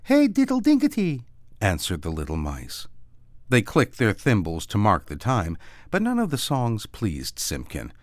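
A man reading a storybook aloud in a gentle, expressive read-aloud manner with soft dips. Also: deep voice, measured pace, no room sound.

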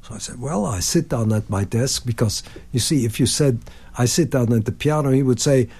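A man's voice: medium pitch, moderate pace, husky. A man in his nineties, a composer, telling anecdotes in a radio interview and acting out the people he quotes. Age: 90s. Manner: animated anecdotes, sings phrases and acts out quotes. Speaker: composer guest. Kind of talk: storytelling interview.

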